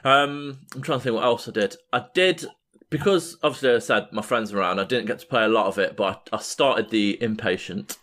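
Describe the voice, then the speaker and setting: A man's voice: lowish voice, brisk, a bit bright. Rambling man chatting casually. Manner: rambling storyteller, lots of fillers and swearing. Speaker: podcast co-host. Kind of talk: casual chat.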